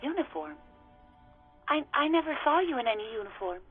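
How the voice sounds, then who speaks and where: A woman's voice: sits high, animated, fairly quick. A woman voicing a young woman answering over a radio line in a game, polite and a little weary. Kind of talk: voiced game dialogue. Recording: tinny radio line with music.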